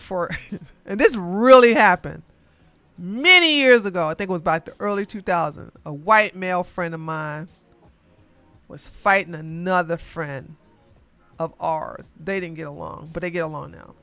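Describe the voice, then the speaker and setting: A woman ranting in a rambling, casual way, animated and profane, often repeating herself. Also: on the low side, moderate pace, no echo, soft background music.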